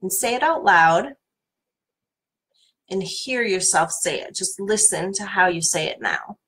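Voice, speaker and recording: Middle-aged woman coach, mid-range voice, gently guides listeners through tapping. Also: mid-range voice, measured pace, husky, low-quality recording. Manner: calm, soothing guidance with playful repeated names.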